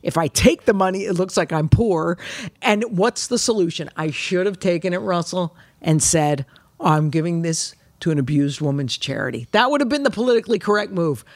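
A middle-aged woman comedian chatting casually, telling stories in a brash, animated way and swearing freely. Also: on the low side, moderate pace, dry recording. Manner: brash, animated storytelling with profanity. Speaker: comedian guest. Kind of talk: casual chat.

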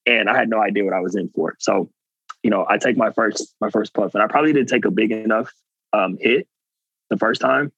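Guy with a lowish voice telling his story, lively and earnest, kinda dull dry audio. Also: brisk, breathy edge. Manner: animated, earnest, acts out quotes. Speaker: guest. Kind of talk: casual storytelling.

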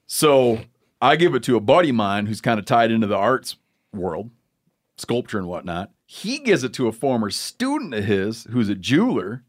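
A man's voice: medium pitch, big pitch swings, moderate pace. A man hosting a podcast, telling a rambling, joking story in casual chat. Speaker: podcast host.

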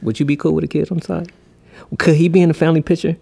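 A young man in casual chat, laid-back and sometimes low and mumbled. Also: flat delivery, very fast, gravelly, a little mellow.

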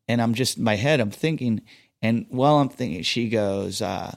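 A man's voice: on the low side, normal speed, creaky. A man telling a long story in casual podcast chat, rambling, swearing and mocking himself.

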